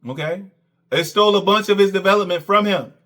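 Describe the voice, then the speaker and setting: A man's voice: high voice, a little fast, a bit bright. Sarcastic man doing reaction commentary. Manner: sarcastic, mocking, repeats "okay" and "Coach". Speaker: commentary channel host.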